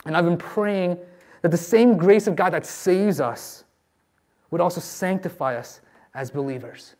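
A man's voice: high voice, unhurried, darkish tone. A man preaching a sermon as a pastor, earnest and pleading with his listeners.

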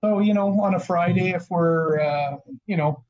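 A man rambles through casual chat as a guest, his talk full of filler words. His voice sits a bit high and the sound is muffled and lo-fi. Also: normal speed, darkish tone. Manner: rambling, lots of "like" and "you know", laughs often. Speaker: guest, shop owner on TV show.

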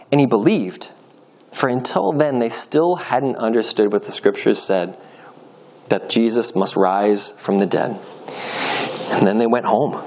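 A man reading scripture aloud in an expressive storytelling manner, speeding up and slowing down. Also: medium pitch. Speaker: scripture reader.

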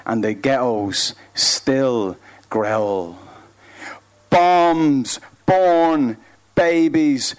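An Irish performance poet with a Dublin accent and a mid-range voice delivers spoken-word poetry live on a club stage. His delivery is rhythmic and emphatic, swinging between loud and hushed.

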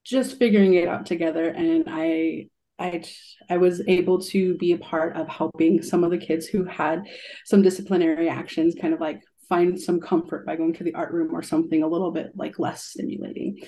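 A woman's voice: fairly low pitch, level tone, normal speed, warm tone. A young adult woman, an art therapist, telling a heartfelt story in a radio interview, with many ums and likes.

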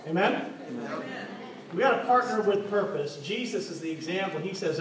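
Heard from a distance in an echoey hall with faint noise, this pastor jokes through his sermon and asks the congregation questions. He speaks at normal speed in a high-pitched, expressive voice, leaving long pauses.

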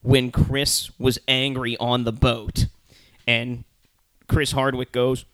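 A man co-hosting a casual podcast, ranting heatedly with curses and at times shouting. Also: medium pitch, flat delivery, slow pace, clean tone, dry recording. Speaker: podcast co-host. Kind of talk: casual profane chat.

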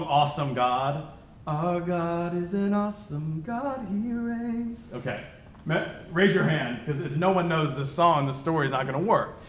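A high-pitched man preaching a relaxed, conversational sermon. He wanders into stories and asides, and he drops from ringing emphasis to near-whispers. He sounds middle-aged. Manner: digressive storyteller, swings from loud emphasis to quiet asides. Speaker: pastor.

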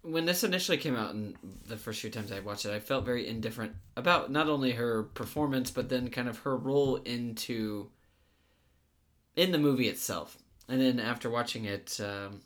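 A man's voice: mid-range voice, normal speed, fairly bright tone. A man co-hosting a casual podcast, talking about a film in a rambling way with many fillers. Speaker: podcast co-host. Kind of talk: casual movie discussion.

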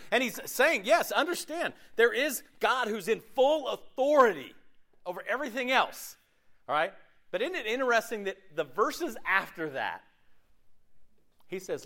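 A man preaching a sermon as pastor, in a conversational, animated way with frequent laughter. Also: fairly high pitch, normal speed.

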